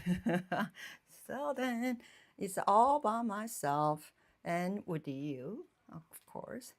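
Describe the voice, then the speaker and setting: A woman painter chatting casually on a live stream from her home painting room, thinking aloud in halting phrases and often checking in with her viewers. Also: mid-range voice, lively intonation. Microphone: phone streaming live.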